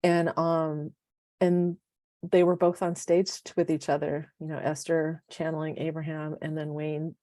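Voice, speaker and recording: A woman's voice: low voice, measured pace, dry recording, clean studio sound. A woman in her fifties co-hosting a casual podcast, telling stories with animation and acting out the dialogue. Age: 50s. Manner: animated storyteller who acts out quoted dialogue. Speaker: podcast co-host.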